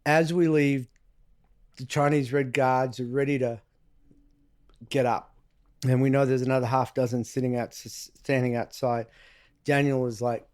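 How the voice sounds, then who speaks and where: A man's voice: mid-range voice, steady tone, moderate pace, pauses often, darkish tone. A man being interviewed as a guest private investigator, telling a story in a blunt, profane way, acting out the dialogue and checking in with "right?".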